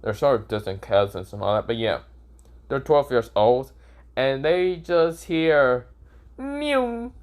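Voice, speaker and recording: A man's voice: medium pitch, measured pace. Young guy making up a fan story, rambly, keeps correcting himself, swears a bit. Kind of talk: improvised fan story narration.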